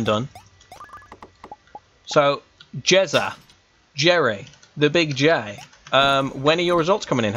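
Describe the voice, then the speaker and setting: A young male gaming streamer with a West Midlands English accent chats casually while playing, rambling and full of fillers and restarts. His voice is mid-range and fairly bright, but the highs are cut off and there's slight background noise.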